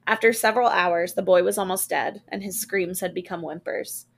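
A woman podcast host reading a scary story aloud, expressive, with small character voices. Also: on the low side, normal speed, vocal fry.

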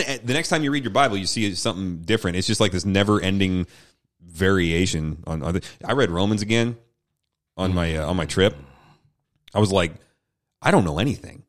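A man who is a pastor, talking casually and earnestly on a teaching podcast, encouraging listeners with lots of conversational fillers. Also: fairly low pitch.

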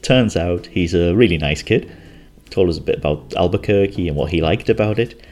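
A man's voice: low-pitched, normal speed, darkish tone, soft background music. A man casually recounting a trip in a rambling, chatty way, often correcting himself. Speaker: travel storyteller. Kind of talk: casual travel recollection.

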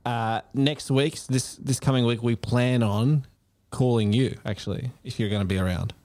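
A man's voice: mid-range voice, steady tone, moderate pace, a little mellow, dry recording. A man chatting casually on a podcast, giving short, easygoing replies. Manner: easygoing, short replies, plugs his own show. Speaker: podcast co-host.

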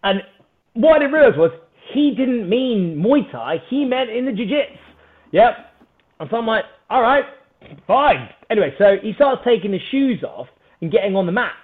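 A man, a podcast guest, telling a story in a casual, animated, self-mocking way and laughing often. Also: high voice, moderate pace. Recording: phone-like narrow band.

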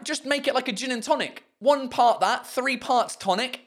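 Southern english comedian guy, pretty high voice, rambling casual chat full of ums and restarts. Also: brisk, hardly any pauses, a bit bright. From England. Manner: chatty and self-mocking, many fillers and restarts. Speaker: stand-up comedian. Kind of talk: casual livestream chat answering comments.

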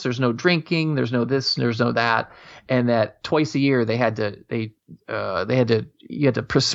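A man's voice: vocal fry, a bit bright. Man, casual rambling storyteller, restarts a lot, swears, slightly muffled lo-fi sound. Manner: rambling, many restarts, swears casually, acts out quotes in a higher voice. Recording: dull lo-fi audio.

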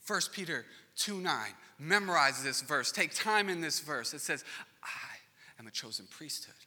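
Animated preacher in a ringing hall. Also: male voice, on the high side, unhurried. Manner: animated storytelling, acts out panicked voices, swings from loud to hushed. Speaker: pastor. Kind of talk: sermon. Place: large church auditorium. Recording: long reverb of a big hall.

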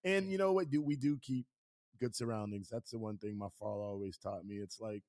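A man co-hosting a podcast in casual chat, laid-back and going quiet when he reflects. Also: on the low side, fairly quick. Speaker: podcast co-host.

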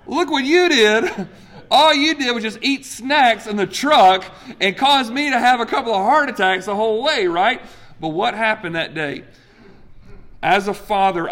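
A man in his forties preaches a sermon with a fairly high voice. He is animated, jumping up in pitch as he acts out the voices he quotes, then dropping low and quiet for weight. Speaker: pastor.

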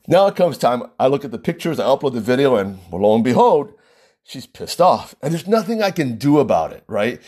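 Male storyteller, husky and lively, wedding-planner type, chuckles through his anecdote. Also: mid-range voice, moderate pace. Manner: animated, laughs between lines.

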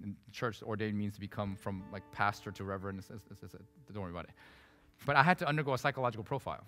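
A male pastor delivers a sermon at a quick clip, his voice bright and forceful. He tells his story in a conversational, emphatic way. The sound carries the long reverb of a sanctuary with a faint guitar underneath. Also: medium pitch. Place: church sanctuary. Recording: preached in a reverberant hall with soft guitar behind.

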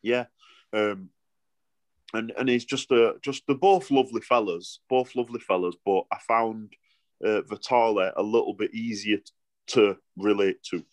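A middle-aged Yorkshire man, a boxer, talks through his stories in a relaxed interview. His voice sits a little low, and the recording is close and dry. He rambles in broad dialect and keeps restarting his sentences. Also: normal speed, no room sound. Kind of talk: casual interview storytelling.

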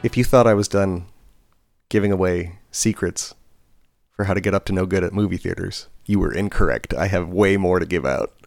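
A man with a lowish voice, chatting casually on a podcast. He tells stories from his bar job in an animated way and mimics the people he quotes. The sound is dry and close. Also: normal speed, gravelly, no echo, faint music behind. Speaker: podcast co-host; bartender. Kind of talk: casual chat.

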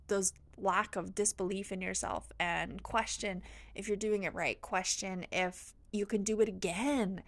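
Woman host, encouraging motivational podcast talk, mid pitch, dry close sound. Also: a bit bright, no echo. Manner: encouraging, earnest, faith-infused.

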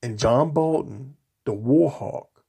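A political commentator rants on his vlog in a sarcastic, mocking tone, driving his points home with repetition and insults. His mid-range voice is slow and warm, with vocal fry and a breathy edge, and his rhetoric is repetitive and emphatic.

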